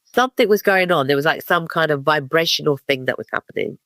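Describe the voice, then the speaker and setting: Fast and sharp-toned, his voice sits on the high side as this fifty-something East Londoner tells rambling stories in a casual interview. He speaks with a London accent, stumbles through fillers and restarts, and there's no room sound.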